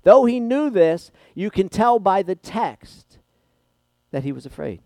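A man preaching a sermon as pastor, with dynamic delivery that swings from hushed, intimate passages to loud, impassioned ones. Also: high voice, big pitch swings, unhurried, vocal fry, no echo.

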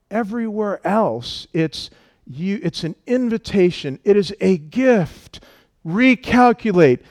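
A man's voice: high voice, no echo, clean studio sound. A man preaching a sermon with emphatic delivery, acting out quoted voices as he teaches. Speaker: pastor.

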